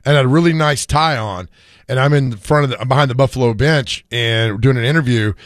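A man hosting sports talk radio, hoarse from screaming, telling rambling self-mocking stories. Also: mid-range voice, a little fast, dry recording, clean studio sound. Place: radio studio.

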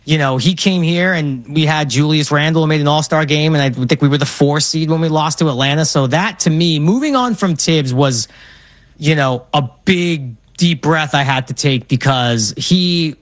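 A man, telling stories as a guest in casual sports talk, animated and full of fillers. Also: fairly high pitch, normal speed, dry recording. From Brooklyn, New York. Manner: animated storyteller, many fillers.

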